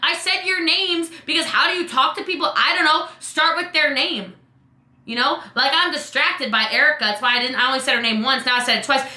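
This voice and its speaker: A woman coach talks in a live Q&A with a high, bright, sharp voice. Her chat is playful and sassy, full of "like" and "okay?". The sound rings in an echoey room. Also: a little fast. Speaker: business coach. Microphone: webcam.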